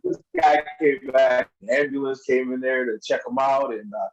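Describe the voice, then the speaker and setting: A man telling wrestling stories as a podcast guest, in a casual, animated way, acting out other people's lines in a raised voice and laughing often. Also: mid-range voice, normal speed, lo-fi sound. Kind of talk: casual storytelling.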